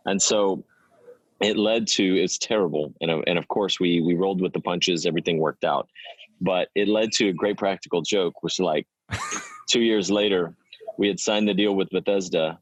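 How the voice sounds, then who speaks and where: A man's voice: sits low, normal speed, slightly rough, dry recording, poor audio. A man, a game developer, telling a candid, casual interview story, swearing freely. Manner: candid, swears, laughs at himself.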